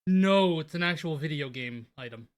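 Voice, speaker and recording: Man, game master, easygoing, laughs a lot, slightly high voice. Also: expressive, normal speed. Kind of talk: running a tabletop game online.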